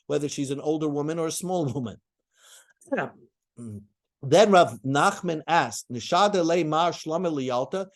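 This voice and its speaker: A man with a fairly high voice teaches a Talmud lesson. He reads each line of the passage, then explains it in plain words. He often stumbles and restarts mid-sentence, like a teacher thinking aloud. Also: a little mellow. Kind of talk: Talmud lecture, translating as he reads.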